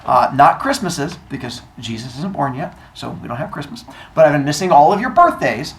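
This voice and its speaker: A man voicing a booming, fatherly male sun god who makes loud, slow, grand pronouncements. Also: very animated, creaky, reverberant, exaggerated voice, low-quality recording.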